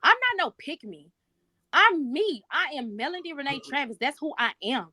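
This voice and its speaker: Woman, podcast co-host, earnest and emphatic, high bright voice, dry close sound. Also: big pitch swings, normal speed, no echo. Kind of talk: casual podcast debate.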